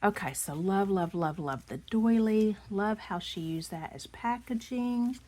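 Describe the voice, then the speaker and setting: A woman, hoarse from losing her voice, chatting casually as she shows off handmade craft pieces, gushing and often dropping into soft half-whispers. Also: mid-range voice, measured pace, few pauses, slight background noise. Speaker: craft vlogger. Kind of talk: casual show-and-tell chat.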